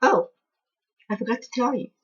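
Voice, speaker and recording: On her home cooking vlog, a woman chats casually as she works through a recipe, rambling and poking fun at herself. Her voice is a little high, a bit bright and husky, at a moderate pace, and the sound is lo-fi.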